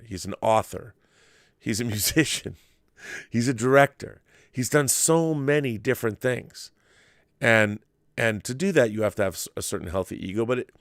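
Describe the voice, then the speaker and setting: Animated middle-aged man, low voice. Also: dry recording, studio quality. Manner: animated storyteller, restarts and repeats words. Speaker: podcast host and film director. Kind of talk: casual monologue answering a viewer.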